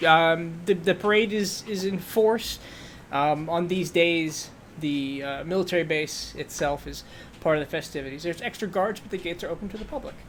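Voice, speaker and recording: A man running a tabletop game as game master, narrating in a relaxed way with many fillers. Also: fairly high pitch, moderate pace, a little hiss or hum.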